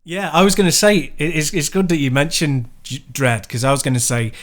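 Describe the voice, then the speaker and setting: A man's voice: a little high, steady tone, a little fast. A man co-hosting a podcast, talking casually with hedging asides. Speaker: podcast co-host. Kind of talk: casual chat.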